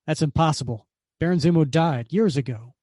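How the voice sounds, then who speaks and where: A man's voice: on the high side, a little fast, dark tone, no echo, studio quality, natural voice. A man reading aloud as a defiant male hero captain, firm and indignant.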